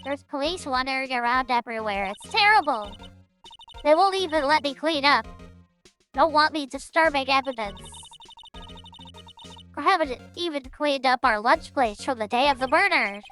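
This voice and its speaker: A woman's voice: high voice, expressive, moderate pace, fairly bright tone, soft background music. A woman voicing a chatty male security guard who rambles and gossips while she reads game dialogue aloud. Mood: gossipy.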